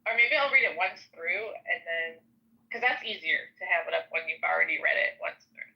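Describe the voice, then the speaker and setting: A woman's voice: on the low side, normal speed, vocal fry, dull audio. A young adult woman chatting casually on a podcast, hesitant and shy. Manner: shy, soft-spoken, hesitant. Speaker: podcast guest reader. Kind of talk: casual chat.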